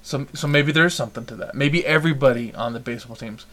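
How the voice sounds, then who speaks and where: A man's voice: mid-range voice, fast talker, fairly bright tone. A man hosting a podcast, chatting casually and rambling through opinions with frequent restarts. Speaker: podcast host. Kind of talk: casual chat.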